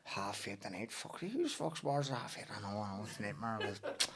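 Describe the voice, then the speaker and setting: A man's voice: fairly low pitch, very animated, brisk, fairly bright tone, slightly rough. A man with a Belfast accent, a boxer guesting on a podcast, trading sweary, laughing banter in casual chat. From Northern Ireland.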